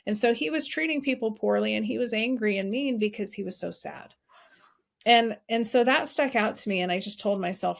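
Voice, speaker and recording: Brisk and fairly high-pitched with noticeable vocal fry, a middle-aged guest speaks about suicide prevention, the cause she advocates for. Her storytelling is personal and earnest, and she comes back again and again to encouraging advice.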